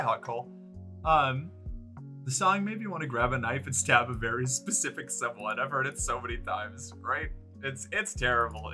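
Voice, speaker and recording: Snarky guy streamer ranting casually, bright tense voice, faint music behind. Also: mid-range voice. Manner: rambling, sarcastic, swears freely. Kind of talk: casual livestream chat.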